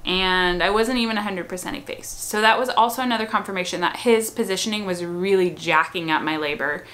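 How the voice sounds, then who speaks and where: Bright-voiced woman chatting casually. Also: medium pitch, a little fast. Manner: chatty, with frequent "um" and "like". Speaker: mother telling her birth story. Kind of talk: casual storytelling to camera.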